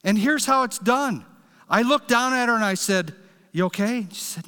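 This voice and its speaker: A man's voice: very high-pitched, animated, normal speed, bright, forceful tone, smooth, in a large hall. A man preaching a sermon, telling a story in an earnest, direct way. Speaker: pastor.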